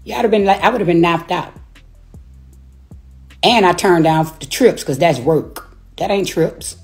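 At a measured pace, a woman with a fairly low, darkish voice taunts her audience in a profane rant streamed live by phone from her rented house. Laughter comes between her insults, and faint music can be heard.

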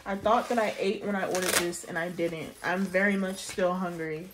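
A woman in her mid-twenties chatting casually to the camera about budgeting, animated and slangy, joking as she talks. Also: fairly low pitch, moderate pace, noisy background. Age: 20s. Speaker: budgeting vlogger. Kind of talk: casual chat.

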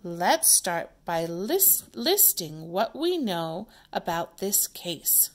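A woman's voice: lowish voice, big pitch swings, slow pace, full character voice. A woman teacher reading aloud the part of an eager young girl detective in a children's play.

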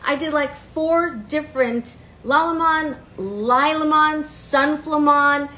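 A woman's voice: high-pitched, slow, sharp tone, low-quality recording. A middle-aged woman, a voice actress, chatting easily and giggling while signing on a live stream. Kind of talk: casual live-stream chat.

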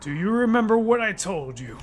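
A man's voice: high-pitched, big pitch swings, a little fast, slight background noise. A man voicing a cold, menacing king from a video game who lectures his son in a grave, commanding tone.

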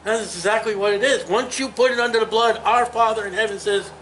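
A man in his fifties leads a Bible study in a high, earnest voice, preaching conversationally and with emphasis. He speaks to his listeners personally and directly. Faint noise sits under the recording. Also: fairly quick, fairly bright tone, low-quality recording.

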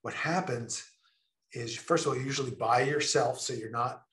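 A man giving an enthusiastic online presentation, stressing key words slowly and deliberately. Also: mid-range voice, a bit bright, roomy sound.

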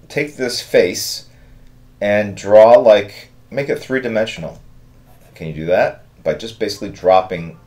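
A middle-aged man hosting a live drawing stream, giving relaxed, rambling step-by-step instructions and thanking viewers in the chat. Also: fairly low pitch. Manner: relaxed, rambling instructions with fillers and chat-reader shout-outs. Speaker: artist hosting a draw-along stream.

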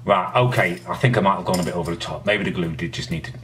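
A man's voice: low-pitched, fast talker, a bit bright, slight background noise. A man ranting indignantly to camera as the host of a comedic vlog, swearing often. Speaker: vlogger host.

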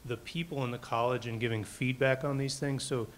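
A man, a faculty member, asking the dean a question from the audience in a measured, slightly halting way. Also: medium pitch, fairly even intonation, a little hiss or hum.

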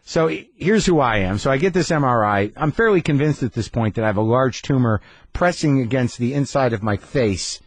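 A man's voice: mid-range voice, animated, fairly quick, breathy edge, dry recording. A man hosting a podcast, telling a comedic story in an anxious, rambling, sardonic way. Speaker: podcast host.

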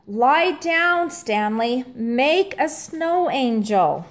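A woman voicing a helpful, quick-thinking young boy in a storybook read-aloud. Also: high voice, expressive. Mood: calling out.

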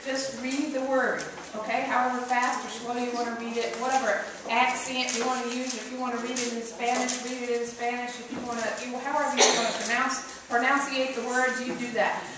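Playful woman pastor in an echoing church. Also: sits high. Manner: playful, coaxing congregation to join in. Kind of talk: interactive sermon. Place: church sanctuary. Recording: echoey church recorded from far off, noisy.

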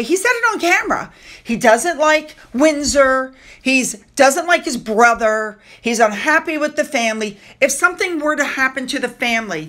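A woman's voice: sits high, fairly bright tone. A woman hosting a casual commentary video, talking emphatically with opinionated, sarcastic asides. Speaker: commentary channel host.

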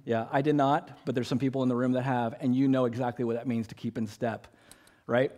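A man's voice: medium pitch, fairly even intonation, a little fast, darkish tone. A man preaching a sermon as pastor, talking in a conversational, joking way and acting out little quoted exchanges.

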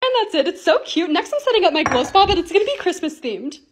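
A bubbly young woman talks fast and high, her voice swooping up and down as she narrates her own vlog. She gushes over cute finds in a chatty, casual way, with a faint hiss under the recording. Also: big pitch swings. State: hoarse, losing her voice. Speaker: lifestyle vlogger.

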